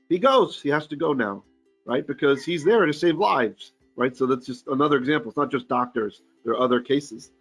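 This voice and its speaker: A man, a rabbi, teaching a Torah portion in an informal online class. He chants Hebrew verses, translates them in casual, joking talk, and often clears his throat. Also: mid-range voice, normal speed, fairly bright tone, faint music behind.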